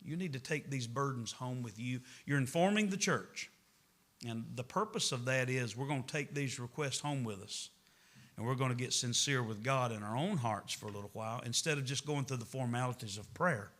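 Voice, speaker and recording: A man's voice: medium pitch, fairly quick, fairly bright tone. A middle-aged man, a pastor preaching a Wednesday night sermon in a church, folksy and conversational, rising to emphatic preaching. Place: church sanctuary.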